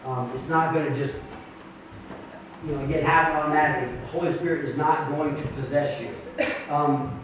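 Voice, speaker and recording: A man's voice: on the high side, steady tone, brisk, long pauses, background noise. A man pastoring a church, teaching his group in an earnest, emphatic way, with many restarts. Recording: echoey room, mic far off.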